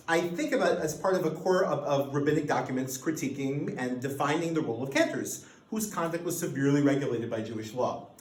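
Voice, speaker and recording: A man giving an academic lecture, lively and animated, often restarting his sentences as he explains a source. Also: on the high side, roomy sound, poor audio. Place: lecture room.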